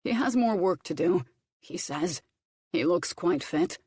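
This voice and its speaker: Woman narrator doing a grave, gentle nobleman for an audiobook, kept low and quiet, dry recording. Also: expressive, unhurried, breathy edge, no room sound. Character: brooding earl, a grown man raised at sea. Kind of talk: audiobook character reading.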